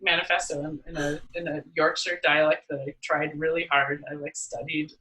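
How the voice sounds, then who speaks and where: A woman's voice: sits low, flat delivery, moderate pace, pushed and bright, low-quality recording. A young woman, a poet and musician, chatting thoughtfully as an interview guest, rambling a little and laughing between restarts. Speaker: poet and horn player, guest. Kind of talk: casual interview conversation.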